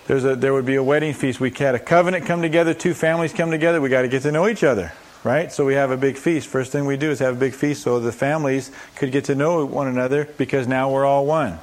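A man preaching from the pulpit, posing questions to his listeners and then answering them himself. He slips into quoted voices and drops humorous asides as he explains. His voice sits at an ordinary male pitch. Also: steady tone, fast talker, few pauses. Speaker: pastor. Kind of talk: sermon.

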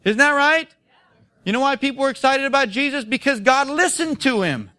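A male pastor preaching a sermon in church, emphatic and full of rhetorical questions, swinging between loud and soft. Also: very high-pitched, a little fast, no room sound.

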